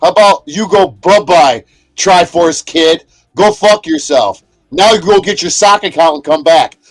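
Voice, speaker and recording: A man livestreaming from inside a motorhome, ranting at his chat in a profane, aggressive way and shouting at chatters. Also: fairly high pitch, a little slow, no room sound, soft background music. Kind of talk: angry livestream rant.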